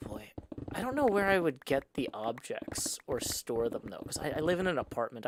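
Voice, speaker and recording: A man's voice: mid-range voice, sing-song, brisk, background noise. A middle-aged man, chatting casually on a live stream in his apartment, rambling and self-mocking as he reads chat aloud into a desk mic. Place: apartment room. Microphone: desk microphone.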